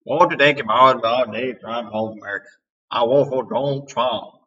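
A man's voice: mid-range voice, brisk, bright, forceful tone, lightly acted. A man voicing a brash, joking Southern US man with a put-on Alabama accent, on a muffled, distant recording.

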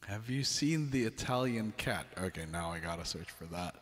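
Male streamer, casual chat, lowish voice, laughs a lot, apologetic, long reverb. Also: animated, moderate pace, fairly bright tone. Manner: laughs often, apologetic, rambling. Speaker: livestream host.

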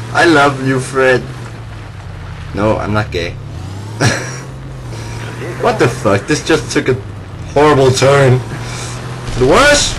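A young man giving excitable, casual commentary while playing a shooter game, yelling and laughing often. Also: medium pitch. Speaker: gameplay commentator. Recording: noisy game sounds behind. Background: game vehicle and battle noise.

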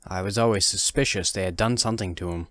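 A man with a low voice reads a first-person horror story in a calm, measured way. His delivery is steady and deliberate. The recording is dry, with no room sound. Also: no room sound. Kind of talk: scripted horror narration.

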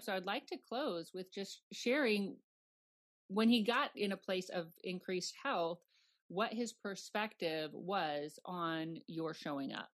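A woman hosting a podcast interview, affirming her guest and reading a summary of the book. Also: mid-range voice. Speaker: podcast host.

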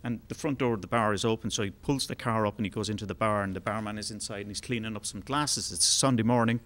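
A man telling a long joke on stage in a relaxed, rambling way, with fillers. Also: on the low side, quick pace. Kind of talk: told joke, live storytelling. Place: concert hall.

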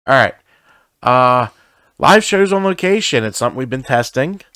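A man's voice: medium pitch, expressive, moderate pace, a bit bright, clear, resonant tone, no room sound. A man co-hosting a chatty podcast from his home studio, rambling and swearing casually. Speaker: podcast co-host. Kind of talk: casual chat.

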